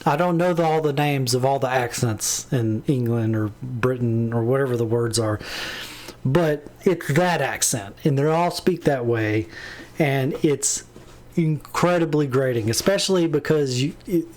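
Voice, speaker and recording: A man's voice: medium pitch, unhurried, darkish tone. A man giving a casual spoken book review, rambling with many restarts and fillers, plainly exasperated.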